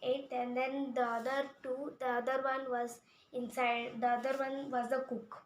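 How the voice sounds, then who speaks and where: A woman from India, retelling a picture book in a halting way and repeating words. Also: high voice, level tone. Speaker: storyteller. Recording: echoey room with faint hum.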